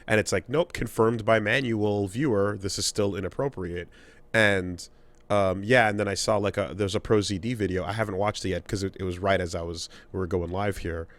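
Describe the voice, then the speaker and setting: A man co-hosting a podcast in relaxed, casual chat, thinking aloud. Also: low-pitched, fairly quick. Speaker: podcast co-host.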